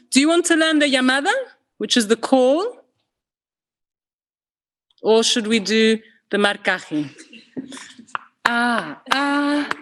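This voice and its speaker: A woman teaching a flamenco dance workshop, energetically counting the rhythm aloud in syllables. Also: fairly high pitch. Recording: echoey room, distant mic, loud noise.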